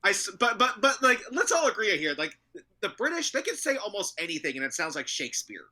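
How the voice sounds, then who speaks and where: A male co-host with a very sharp, bright, fairly high voice, chatting casually. He cracks jokes, laughs often and trips over his words. The talk is loose and unscripted. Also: wildly swooping pitch, a little fast. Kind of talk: casual podcast chat.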